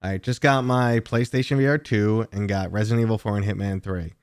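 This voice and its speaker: A man with a New York accent, hosting a casual livestream and chatting with viewers in a talkative, relaxed way. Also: on the low side, brisk, clean tone, dry recording, clean studio sound. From New York City. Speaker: livestream host.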